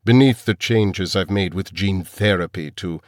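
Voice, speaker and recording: A chilling old villain doctor, calm and unhurried, with a low, even menace, as an audiobook narrator puts him on. The voice sits deep and the recording is dry and close. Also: male voice, dry recording. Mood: menacing. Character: cold elderly male villain scientist.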